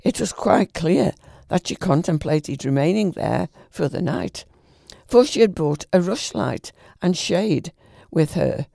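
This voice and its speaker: A man reading a classic novel aloud at an unhurried pace, stumbling and restarting now and then. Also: on the high side, animated, gravelly, dark tone, no echo, studio quality. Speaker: reader.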